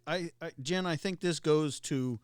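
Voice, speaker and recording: A man's voice: fairly high pitch, measured pace, over a noisy crowd. A man hosting a podcast interview in a studio, asking loose, rambling questions. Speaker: podcast host. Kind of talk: casual interview.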